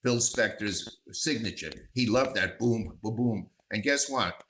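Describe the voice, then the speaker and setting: An older man from the Bronx, telling lively anecdotes as a guest, acting out voices and singing bits of songs. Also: fairly low pitch, a little slow, slight background noise, rough recording. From East Bronx, New York. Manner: animated raconteur, acts out voices and sings snatches. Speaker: magazine publisher, guest. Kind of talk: storytelling interview.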